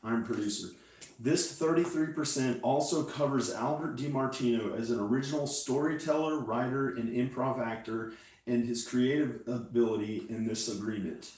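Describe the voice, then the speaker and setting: A man's voice: medium pitch, moderate pace, darkish tone. A man, a producer, reading a document aloud carefully, breaking off now and then with casual asides. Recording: roomy echo.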